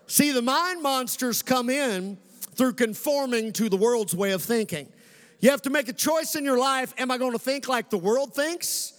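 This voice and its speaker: A man in his forties from Western Kentucky with a Kentucky accent, preaching a sermon as pastor, slowing for emphasis and calling on the congregation. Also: very high-pitched, fairly bright tone. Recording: reverberant hall.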